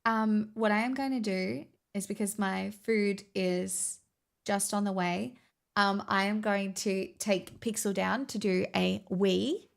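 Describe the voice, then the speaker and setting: A woman's voice: mid-range voice, steady tone, slow, gravelly. A woman with a slightly Americanised Australian accent chatting casually on a livestream, rambling and swearing freely. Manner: rambling, swears, filler-heavy.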